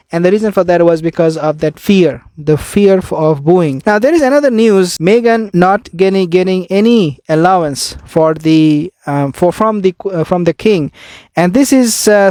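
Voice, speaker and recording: A man with a high, light voice hosts a royal news commentary show. He talks in an emphatic, scornful way and keeps breaking off to read out quotes from the press. The sound is close and dry. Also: a little mellow, no echo. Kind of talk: opinionated commentary.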